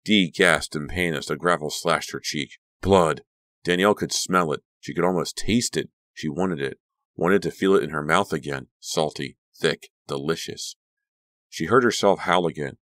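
A man's voice: a bass voice, lively intonation, moderate pace, fairly bright tone, dry recording, studio quality. A man narrating a horror audiobook with an intense, vivid reading.

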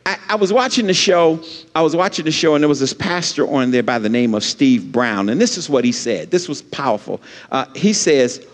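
A man's voice: on the high side, expressive, a little fast. A man preaching a sermon as pastor, with lots of repetition and call-and-response lines for the congregation. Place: church sanctuary. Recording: long church hall reverb.

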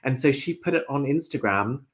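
A man who is a podcast guest, speaking politely and gently, with many small hesitations. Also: medium pitch, lively intonation, brisk. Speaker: guest, dog owner. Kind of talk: casual interview chat.

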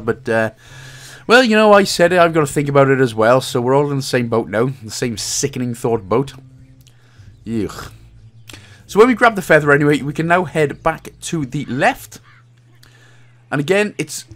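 A Welsh man talking casually through a game walkthrough, joking and chuckling at his own asides. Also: mid-range voice.

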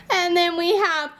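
A woman voicing a playful young dinosaur who sings and roars, teaching children in a sing-song, drawn-out way. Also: very high-pitched, bright, forceful tone, heavily acted. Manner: sing-song, stretches vowels, drawn-out words. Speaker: children's puppet show host. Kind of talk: children's sing-along lesson.

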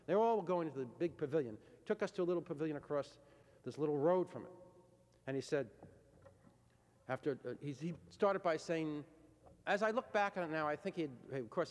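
A man's voice: fairly high pitch, a little mellow. A man giving a university lecture, telling events as a dramatic storyteller who acts out quoted dialogue. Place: lecture hall. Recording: reverberant lecture hall, old tape.

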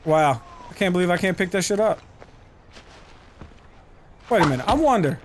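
A man giving casual, profane let's-play commentary, talking to himself and to the game and breaking into loud excited yells. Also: high voice, normal speed, noisy background. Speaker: gaming channel host.

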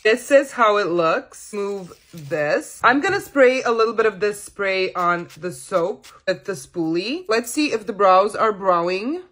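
A woman's voice: mid-range voice, expressive, unhurried, hardly any pauses, fairly bright tone. A young woman chatting casually through a makeup vlog, playful and self-mocking. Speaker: makeup content creator.

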